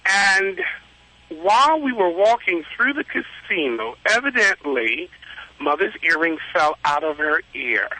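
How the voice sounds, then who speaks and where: A man, a reverend and animal communicator, telling animated stories as a radio guest over a phone line. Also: high voice, measured pace. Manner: animated storyteller, laughs often.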